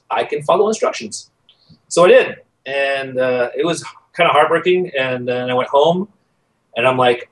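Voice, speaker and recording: A middle-aged man, a podcast guest, telling a personal story in a casual, animated way, acting out the voices he quotes. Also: fairly high pitch, normal speed, distant mic, low-quality recording.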